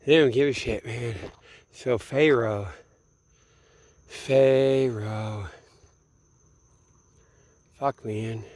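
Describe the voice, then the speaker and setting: A man's voice: medium pitch, fairly even intonation, a little slow, few pauses, darkish tone, husky, no echo. Rambling, profane man talking late at night. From Minneapolis, USA. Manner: meandering, profane, trailing off often. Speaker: vlogger.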